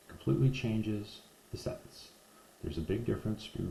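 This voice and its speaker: A man giving a parenting lesson to camera, slowly drilling speech sounds one by one, recorded with poor sound in an echoey room. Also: sits low, animated, vocal fry, mellow, a little hiss or hum. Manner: slow, deliberate, repetitive drilling of speech sounds. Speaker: parenting educator. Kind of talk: instructional talk to camera.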